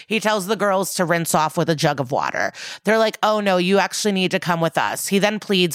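Casual podcast girl recapping a show, kinda low voice, swears a lot, dry close mic. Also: brisk, clean tone, no echo. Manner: swears casually, retells scenes with quoted dialogue. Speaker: podcast co-host.

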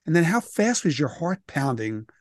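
Jokey talk-show host man, bright and dry. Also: on the high side, sing-song, normal speed, no room sound. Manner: playful, jokey, laughs often. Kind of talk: casual talk-radio interview.

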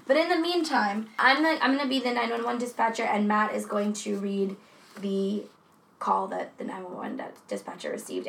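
Gravelly, high-voiced woman podcast host. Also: fairly bright tone. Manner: chatty, swears freely. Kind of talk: casual true-crime chat. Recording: echoey room with faint noise.

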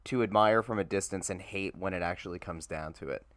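A man's voice: sits low, fairly quick, a bit bright, dry recording, clean studio sound. A man co-hosting a casual sports podcast, giving blunt opinions.

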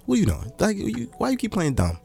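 A man hosting a podcast in casual, slangy chat, animated and teasing. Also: fast talker, vocal fry, soft background music. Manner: slangy, animated, mocks others in a high squeaky voice. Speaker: podcast host.

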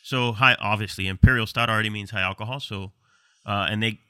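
A middle-aged American man co-hosts with a very bright, forward voice. He talks in casual, chatty bursts full of quick asides. The sound is close and dry. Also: lowish voice, steady tone, smooth, no echo. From United States. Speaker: co-host of a cigar and beer pairing show. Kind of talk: casual chat.

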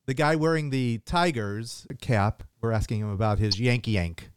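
Male co-host, mid pitch, joking and easygoing, dry close mic. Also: normal speed, clean tone, dry recording. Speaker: podcast co-host. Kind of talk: casual podcast chat.

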